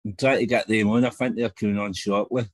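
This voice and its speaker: A man hosting a podcast and asking easy-going questions in a relaxed chat. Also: fairly low pitch, quick pace, no room sound. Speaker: podcast host. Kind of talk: casual interview chat.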